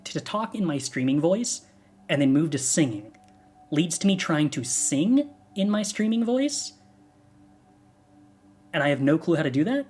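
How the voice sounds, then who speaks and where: A man's voice: a little high, very animated, unhurried, pauses often, darkish tone, husky. A man streaming, chatting casually into his microphone, wandering off and second-guessing himself with wry asides. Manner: rambling, self-questioning, wry. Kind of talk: casual stream chat between singing warm-ups.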